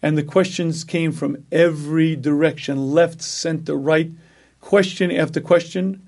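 Throat-clearing man giving a sermon. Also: a little high, fairly even intonation, unhurried, darkish tone. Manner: frequent throat clearing, emphatic repetition. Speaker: rabbi giving a talk.

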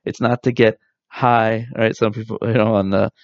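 Man giving a heartfelt spiritual talk, low voice, kinda muffled lo-fi sound. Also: little pitch movement, creaky, dry recording. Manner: earnest, reflective, with soft-spoken pauses. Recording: dull dry lo-fi sound.

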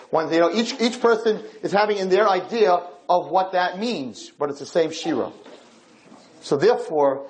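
Male teacher, high voice, animated class storyteller with sudden hushed drops. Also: normal speed, rough recording. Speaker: Torah teacher.

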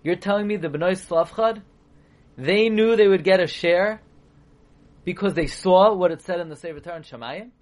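Guy teaching torah, kinda high voice, keeps firing rhetorical questions, gets worked up. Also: normal speed. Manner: rhetorical questions, grows emphatic and animated. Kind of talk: Torah lecture on the weekly portion.

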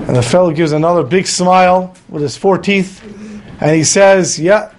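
A man's voice: sits high, moderate pace, a little hiss or hum. A man telling a story in a Torah class, acting out the voices of the people in it. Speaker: rabbi.

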